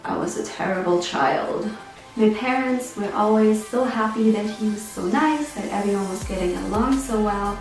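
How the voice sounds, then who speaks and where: A woman's voice: mid-range voice, distant mic. Chatty woman vlogger in an echoey room. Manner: animated, chatty and incredulous. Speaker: vlogger telling a childhood story. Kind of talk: casual storytime. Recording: very echoey room, voice off-mic, faint music.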